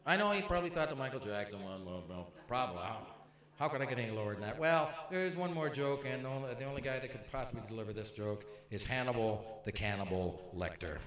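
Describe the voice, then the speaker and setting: Male stand-up comic, chatty, quick asides, bright voice, heard from a distance. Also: medium pitch, lively intonation. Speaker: comic impressionist. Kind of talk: live stand-up comedy. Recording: echoey live room, mic at a distance.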